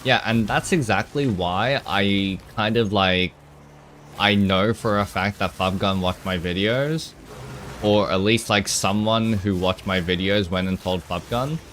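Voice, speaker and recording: Low-voiced man chatting on a live stream. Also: unhurried, a bit bright, slight background noise. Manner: chatty, answers chat with laughs and restarts. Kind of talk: casual live-stream chat.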